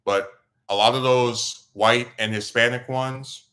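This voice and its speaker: Speaking a little slowly in a medium-pitched voice, a male podcast host rambles through a casual story. He stays animated, and excitement sends his voice jumping up.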